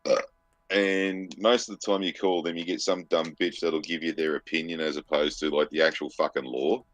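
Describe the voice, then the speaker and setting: A deep-voiced Australian man spins a profane yarn in casual podcast chat. He keeps swearing and slips into voices for the people he is quoting. The sound is dry and close to the mic. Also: moderate pace, no room sound. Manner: sweary, animated, mimics other people's voices. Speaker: podcast co-host.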